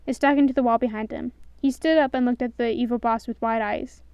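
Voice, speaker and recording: Smooth-voiced woman storyteller. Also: on the high side, brisk, no echo. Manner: expressive, does all voices. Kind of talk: storybook narration.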